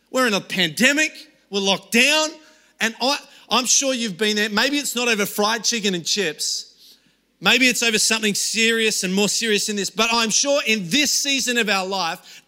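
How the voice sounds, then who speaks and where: A man's voice: very high voice, sharp tone. A young adult man preaching a sermon to a small room and an online audience, telling stories casually with frequent restarts. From Australia. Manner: conversational storytelling with frequent restarts. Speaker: pastor. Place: room with few people.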